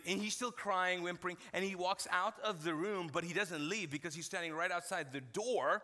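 Bright-voiced pastor telling stories. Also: male voice, high voice, moderate pace, few pauses. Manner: conversational storytelling with humor, addressing the congregation. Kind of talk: sermon.

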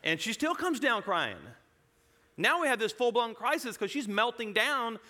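A man speaking to a congregation, telling a personal story in an animated way, chuckling and breaking off his own sentences. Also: very high voice, normal speed.

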